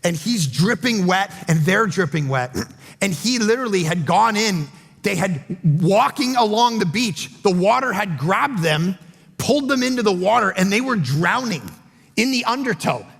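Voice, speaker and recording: A man preaching a sermon as pastor, telling stories with animated delivery and acting out other people's lines. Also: high-pitched, normal speed, creaky, slightly rough. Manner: storytelling, animated, acts out quotes. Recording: long hall reverb.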